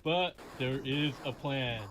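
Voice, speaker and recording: A man's voice: mid-range voice, slow pace, fairly bright tone, slight background noise. A man hosting a casual retro game stream, chatting and joking with a guest and often laughing at his own jokes. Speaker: stream host. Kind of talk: casual gaming stream chat.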